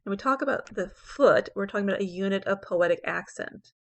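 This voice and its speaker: Lecturing woman with a gravelly voice. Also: medium pitch, fairly quick. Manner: explanatory, repeats "okay" between points. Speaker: English professor. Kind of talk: recorded lecture on poetry.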